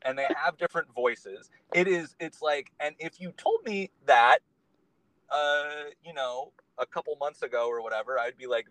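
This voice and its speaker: A man's voice: on the high side, moderate pace, a bit bright, no echo, poor audio. A man, a guest on a podcast, talking in a casual conversation and telling his story in an earnest, meandering way.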